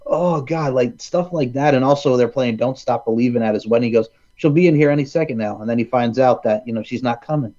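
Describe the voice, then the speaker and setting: A man hosting a casual film chat, excitedly retelling scenes and quoting lines in funny voices. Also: mid-range voice, a little fast, hardly any pauses, lo-fi sound. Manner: animated, quotes movie lines in funny voices. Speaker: podcast host.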